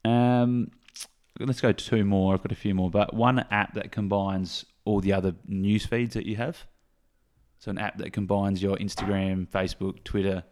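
Male co-host, low-pitched, easygoing and rambling, casual chat. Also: moderate pace. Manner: relaxed, rambling, with frequent fillers and "reckon". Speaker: podcast co-host.

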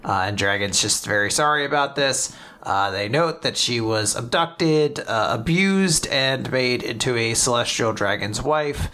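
A man with a bright, forward voice hosting a casual podcast and recapping comic chapters at his own steady pace. He talks in a chatty, loose way with lots of fillers and small restarts, and his voice sits in the middle of the male range. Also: mid-range voice, measured pace, few pauses. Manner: chatty, filler-heavy, animated summarizing. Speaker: podcast host.

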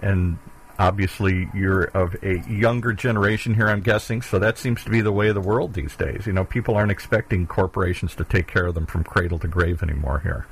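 A man's voice: low voice, steady tone, a little fast, gravelly, slight background noise, rough recording. A middle-aged man hosting an interview in a folksy, joking way, often tagging "here" onto the ends of his sentences. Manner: folksy, jokes about not understanding jargon, habitual "here" at line ends. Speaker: radio show host. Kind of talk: conversational interview.

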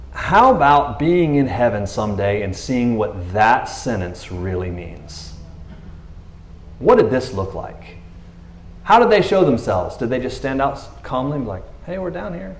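Brief: laid-back male preacher, lively pitch, casual chat style, roomy echo. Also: a little slow. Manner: chatty, laughs often, acts out the story in voices. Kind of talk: casual, animated sermon. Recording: echoey room.

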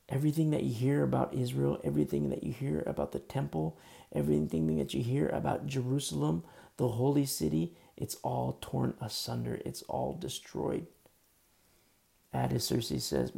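A man's voice: medium pitch, moderate pace, gravelly, dark tone. A man preaching a casual, conversational sermon, full of fillers and acted-out quotes. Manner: conversational, many fillers, acts out quoted voices. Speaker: pastor.

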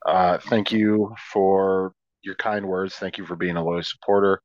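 A man's voice: deep voice, level tone, unhurried, no echo, dull audio. A man co-hosting a podcast in casual chat, joking and teasing with profane affection. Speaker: podcast co-host.

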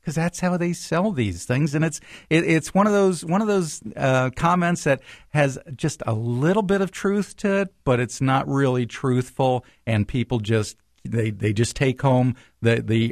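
A man who works as a financial planner explains finances on a talk radio show, animated, repeating words as he starts sentences. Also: medium pitch, moderate pace, creaky, hardly any pauses, no echo, studio quality.

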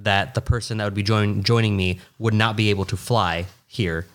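A man's voice: fairly low pitch, steady tone, moderate pace, fairly bright tone. A young man, co-hosting a podcast in casual chat, laughing often and rambling with restarts. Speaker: podcast co-host.

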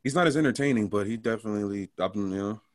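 Fast-talking, blunt young man. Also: fairly low pitch. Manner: blunt, rapid street slang, swears a lot. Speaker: podcast co-host. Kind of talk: casual chat.

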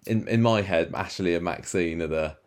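A man co-hosting a casual chat, rambling and excitable as he recalls old memories. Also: normal speed. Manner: rambling, excitable, pitch jumps up when enthused.

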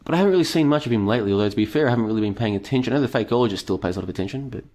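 A man's voice: medium pitch, animated, very fast, dark tone. A man hosting a live stream. He reads out chat comments and rambles at length, talking to the audience as folks and piling up rhetorical questions, his voice tiring after two hours.

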